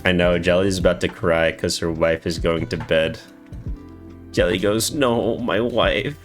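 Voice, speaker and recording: A man's voice: deep voice, flat delivery, normal speed, faint music behind. A man streaming live, chatting casually with viewers in a rambling, swearing way with lots of filler words.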